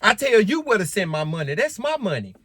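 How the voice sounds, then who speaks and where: A man vlogging casually to camera in African American Vernacular English, animated and emphatic, often repeating himself. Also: high voice, a little fast, husky, no room sound, clean studio sound. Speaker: credit and finance vlogger.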